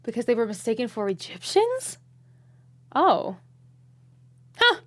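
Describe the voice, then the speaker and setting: An American woman hosting a reaction video, chatting casually and asking curious questions out loud. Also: on the high side, sing-song, unhurried. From United States. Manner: curious, asks many questions aloud, laughs often.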